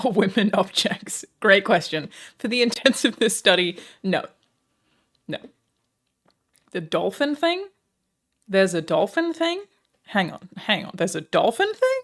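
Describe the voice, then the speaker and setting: A woman streamer chatting live with her viewers in a sarcastic, deadpan, profane way. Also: medium pitch, a little slow, pauses often.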